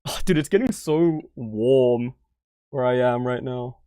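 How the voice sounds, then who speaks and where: A woman's voice: rumbling low, a little slow, dark tone, smooth, no echo, clean studio sound. An Australian woman streamer chatting casually through a game playthrough, laughing and swearing as she rambles.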